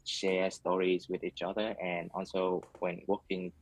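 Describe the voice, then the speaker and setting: A man's voice: low-pitched, monotone, measured pace, low-quality recording. A man answering speaking test questions in a hesitant way, heard through a played-back recording of the test. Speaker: exam candidate.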